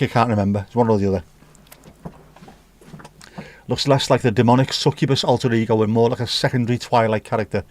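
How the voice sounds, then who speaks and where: Reading through viewer comments on a laid-back livestream, this male host wanders from topic to topic, cracks jokes, and breaks into fragments of songs. He has a medium-pitched, somewhat dark voice, and the audio carries no echo.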